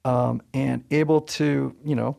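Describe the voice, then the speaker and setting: A man's voice: mid-range voice, fairly even intonation, unhurried, gravelly, warm tone. A man from Southern Connecticut co-hosting a podcast, talking in a thoughtful, chatty way with many "you know" fillers. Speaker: podcast co-host. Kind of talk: casual podcast chat.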